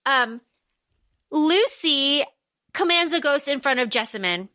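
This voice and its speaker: Bright, animated woman recapping a book. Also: high voice, slow pace, no room sound, studio quality. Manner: animated, acts out characters' lines mid-recap. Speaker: podcast co-host. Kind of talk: casual book discussion.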